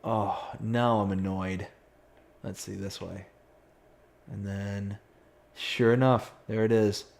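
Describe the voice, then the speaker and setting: A man's voice: on the low side, fairly even intonation, takes it slowly, vocal fry, pauses often, a little mellow. A man live-streaming a farming game, chatting casually, reading viewer comments aloud and mocking himself in sudden outbursts of frustration. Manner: exclaims in sudden bursts of frustration. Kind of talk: live-stream gameplay chat.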